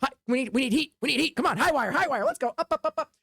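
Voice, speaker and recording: A man's voice: very high voice, animated, gravelly, sharp tone, slightly rough, voice pushed up, heavily acted. A man voicing a pushy male circus ringmaster who urgently hypes up the next act in a tabletop game. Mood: urging. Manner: urgent, hurried hype.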